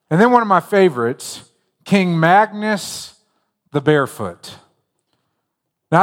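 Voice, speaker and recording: A man's voice: fairly high pitch, big-room sound. A man preaching a sermon as a pastor, telling stories in a conversational, joking way.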